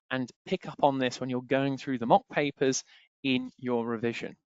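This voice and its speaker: A man talks students through exam tips in a chatty webinar manner, leaning on the same filler phrases again and again. His voice sits at an ordinary middle pitch. The sound is dry and a little muffled, like a webinar recording. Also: fairly even intonation, moderate pace, a little mellow, clear, resonant tone, no room sound. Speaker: exam tutor. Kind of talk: webinar teaching. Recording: dry, slightly dull webinar audio.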